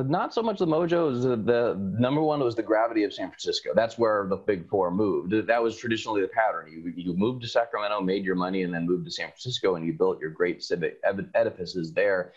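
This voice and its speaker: A man's voice: fairly low pitch, husky, lo-fi sound. A man, answering interview questions at length in a lecturing, wry, sarcastic way. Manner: sarcastic, lecturing, thoughtful pauses. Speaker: local historian guest. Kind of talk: conversational interview.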